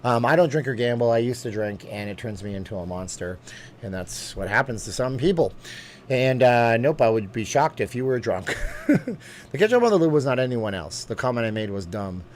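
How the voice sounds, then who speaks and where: A man's voice: mid-range voice, animated, slight background noise. Rambling chatty man. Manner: rambling, chatty, quick asides and laughs. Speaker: host of a live stream chat. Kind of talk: casual live-stream chat.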